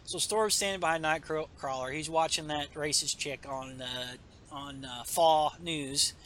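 Host: man, bright and slightly high voice, rambling comic recap, faint hiss behind. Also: a little slow. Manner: rambling, reads dialogue in a plain voice with fillers. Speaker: comic book podcast host. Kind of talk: casual chat reading comic panels aloud.

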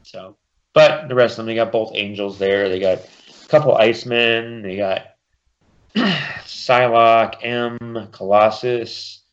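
A man's voice: medium pitch, highs cut off. A man hosting a casual podcast chat, recapping a comic book plot and commenting as he goes. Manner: summarizes plots and puts on quick character voices.

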